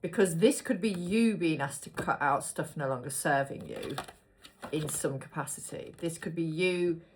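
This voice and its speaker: Woman, low voice, casual tarot reader, chatty and wandering. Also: moderate pace, slight background noise. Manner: chatty, rambling asides, talks to herself while picking cards. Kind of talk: casual tarot reading to viewers.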